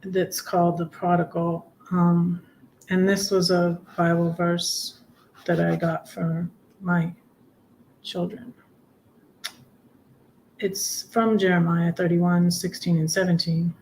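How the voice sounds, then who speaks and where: A middle-aged woman hosting a casual livestream, chatting softly and reading her own poems in a rambling, soft-spoken way. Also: on the low side, flat delivery, slow pace, pauses often, a little hiss or hum, low-quality recording. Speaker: livestream host.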